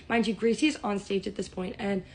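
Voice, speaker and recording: A young woman rattles through a storytime vlog, excited and rambling, piling one detail onto the next. Her voice carries a gravelly, fry-edged texture, while her pitch sits right in the middle for a woman. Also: brisk, a little hiss or hum, poor audio. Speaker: vlogger.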